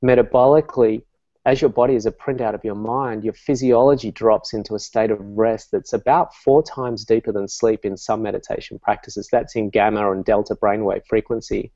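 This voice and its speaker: Male meditation coach, lowish voice, calm and chatty, dry muffled sound. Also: normal speed, no room sound. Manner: calm, storytelling, many fillers. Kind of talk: interview guest.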